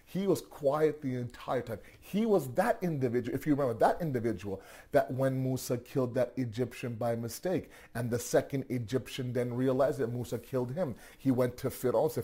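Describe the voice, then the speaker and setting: Man, sermon storytelling, husky voice, mellow dark tone, rhetorical questions, restarts. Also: mid-range voice, fairly quick. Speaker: religious teacher.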